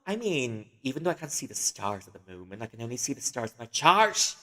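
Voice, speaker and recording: Hosting a casual livestream, a man rambles and giggles, filling his speech with fillers. His mid-range voice is very animated, fairly quick and sharp-toned, and the recording carries a long reverb.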